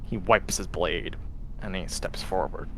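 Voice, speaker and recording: A man running a tabletop game as dungeon master, narrating with lively descriptions and quick rules talk. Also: low-pitched, a little hiss or hum.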